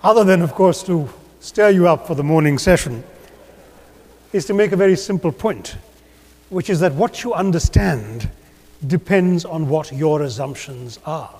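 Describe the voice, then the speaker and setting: A man from India giving a measured, rhetorical conference speech with gentle humor in a large auditorium. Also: a little high, expressive. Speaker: keynote speaker. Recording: long hall reverb.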